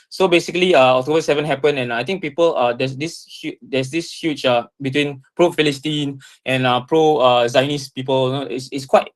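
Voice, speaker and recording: A tearful man in an emotional personal monologue, impassioned and profane, full of halting restarts. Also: mid-range voice. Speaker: speaker talking with an AI assistant.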